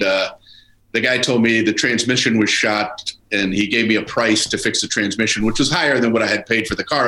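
A man's voice: medium pitch, pushed and bright, roomy sound, rough recording. A man, a comedian guest, telling rambling anecdotes in casual chat and acting out the dialogue, from his home office.

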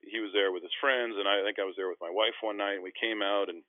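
Fast-talking man on a phone-like line. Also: fairly low pitch, no room sound. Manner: animated, acts out quotes in varied voices. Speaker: former pro basketball player, guest. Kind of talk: casual storytelling. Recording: phone-like, dry.

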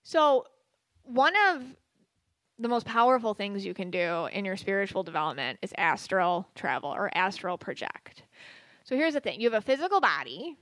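A woman's voice: medium pitch, very animated, moderate pace, fairly bright tone, no echo. A woman hosting a podcast, talking casually with many fillers and restarts. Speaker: podcast host and psychic medium. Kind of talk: casual spoken monologue.

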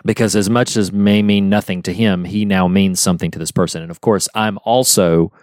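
A man with a deep, smooth voice talks about a film in an earnest, heartfelt way. He retells scenes at length in a relaxed podcast chat, recorded close and dry. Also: brisk, no echo. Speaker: podcast co-host. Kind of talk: casual film discussion.

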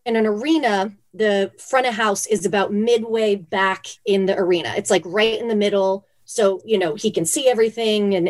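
A woman from Phoenix, a former dancer, telling stories as a guest in a casual interview, with lots of "like" and "you know". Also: mid-range voice. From Phoenix, Arizona. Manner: chatty, many "like" and "you know" fillers, animated retellings.

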